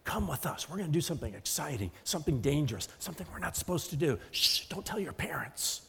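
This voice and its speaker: A man doing a hushed, scheming tempter. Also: fairly high pitch, big pitch swings, fast, vocal fry, heavily acted. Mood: conspiratorial. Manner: hushed, conspiratorial. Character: hushed male tempter luring a loner.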